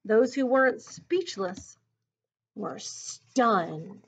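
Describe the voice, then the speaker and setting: A woman reading a picture book aloud in an expressive, teacherly way, pausing to think aloud about the story. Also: medium pitch, a little hiss or hum. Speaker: storybook reader. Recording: dull lo-fi recording.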